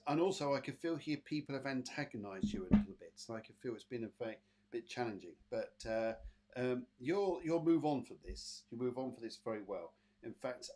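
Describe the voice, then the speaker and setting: A man's voice: mid-range voice, a little mellow. A British man hosting a live online psychic show, chatting casually with viewers and giving readings with lots of fillers. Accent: British English. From Britain. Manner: chatty, addresses viewers by name, many fillers. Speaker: psychic medium and show host.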